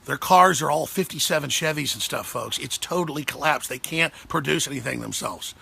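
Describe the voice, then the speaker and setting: Gravelly, tense man ranting. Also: a little fast, pushed and bright. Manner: heated and sarcastic, swings pitch and pace. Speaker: talk show host. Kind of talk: angry political rant.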